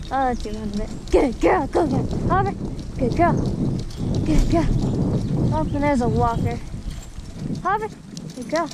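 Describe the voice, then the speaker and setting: Woman, high voice, slow unhurried talk, calling dog commands on a trail, outdoor noise behind. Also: expressive. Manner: calls out short commands like hike, wait and good girl. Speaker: dog owner on a sulky run. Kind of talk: casual commands to a dog while riding.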